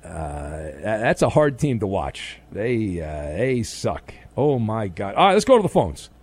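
A man's voice: fairly low pitch, sing-song, unhurried, a little mellow. A man hosting a sports talk radio show, playful and teasing, with bursts of mock outrage, speaking into a studio microphone.

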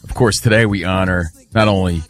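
A man's voice: low-pitched, steady tone, fairly quick, a bit bright, soft background music. A man co-hosting a sports radio show, joking with his partner and plugging the show. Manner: upbeat, joking, plugs the show. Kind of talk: casual sports radio banter. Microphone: studio broadcast mic.

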